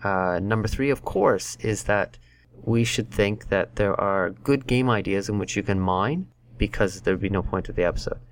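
A man hosts a casual podcast in a fairly low voice. He talks in a laid-back, wry way, setting out the episode's ground rules for his co-hosts. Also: normal speed, few pauses, slight background noise. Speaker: podcast host.

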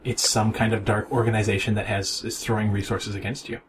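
A man's voice: on the low side, little pitch movement, a little fast, slight background noise. A man co-hosting a casual podcast, thinking aloud about movies and adding playful quips. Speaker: podcast co-host.

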